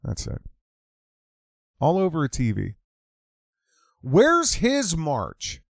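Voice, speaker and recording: A man's voice: on the high side, huge pitch swings, takes it slowly, gravelly, no room sound, studio quality. A man hosting a commentary show, ranting in a sarcastic, profane, mocking way.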